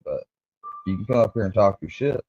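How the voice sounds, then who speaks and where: A man's voice: fairly low pitch, animated, fairly quick, dry recording, soft background music. A man hosting a livestream, ranting in an angry, profane, confrontational way. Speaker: livestream host. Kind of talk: heated livestream rant. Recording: dull lo-fi stream audio.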